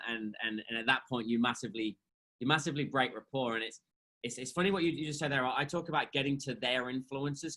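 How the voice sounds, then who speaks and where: Bright-voiced British man hosting. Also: medium pitch. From Britain. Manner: eager, chatty, with stammered restarts. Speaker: podcast host, sales coach. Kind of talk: casual conversational interview.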